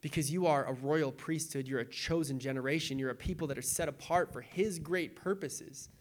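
A young adult male pastor delivers a sermon in a relaxed, conversational way, leaning on fillers and casual phrasing. His voice sits fairly high for a man. At times he turns tearful and his voice breaks. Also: a little fast.

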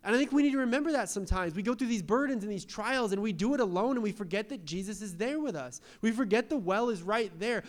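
A young adult man preaching a sermon as pastor, animated, repeating rhetorical questions and acting out quoted voices. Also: high voice, fast, hardly any pauses.

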